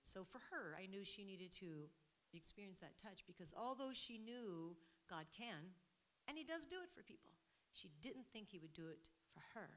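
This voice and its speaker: A middle-aged woman preaching, telling a testimony in an animated way and acting out what people said. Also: mid-range voice, normal speed. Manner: animated storytelling, acting out quotes, laughing. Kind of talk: sermon testimony.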